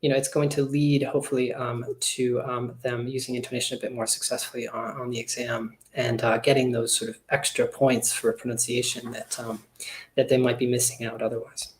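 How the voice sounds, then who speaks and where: Male teacher trainer, mid-pitched, easygoing and hedging, roomy echo on the recording. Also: brisk, a little hiss or hum. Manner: relaxed, conversational, hedging. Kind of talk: online webinar presentation.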